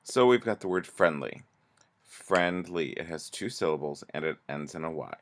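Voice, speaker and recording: A man teaching a grammar lesson, explaining slowly and patiently with pauses and restarts. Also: very deep voice, animated.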